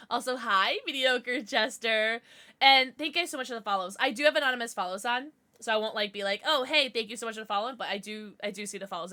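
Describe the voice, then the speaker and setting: A woman livestreaming a game from home, chatting excitedly with her viewers and cooing at her pets. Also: mid-range voice, no echo. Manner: bubbly and excitable, greets chat; talks baby talk to her pets. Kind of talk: casual livestream chat while gaming.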